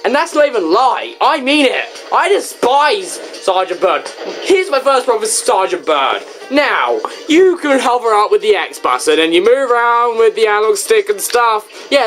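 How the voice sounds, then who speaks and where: A woman's voice: on the high side, a bit bright. Sarcastic ranting woman reviewing a game. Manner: rhetorical questions and exasperated asides. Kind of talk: casual video game review.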